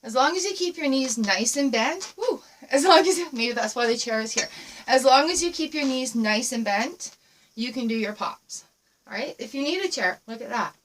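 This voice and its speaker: An encouraging woman dance teacher leads a home lesson, calling out counts and cues while she moves. Her voice sits a touch high, a little breathless, and it reaches the mic from across the room. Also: lively intonation, normal speed, fairly bright tone, distant mic. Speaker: dance instructor. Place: room at home with a squeaky floor.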